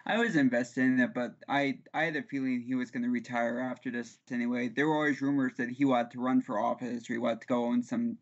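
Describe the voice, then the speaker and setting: A man's voice: mid-range voice, fairly even intonation, quick pace, few pauses, highs cut off. A man speaking in a matter-of-fact way as co-host of a casual podcast.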